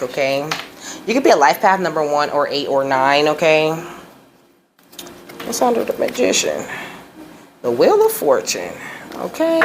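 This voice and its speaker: A woman's voice: low voice, background noise. A woman giving a casual tarot reading, chatty and slangy, laughing often. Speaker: tarot reader.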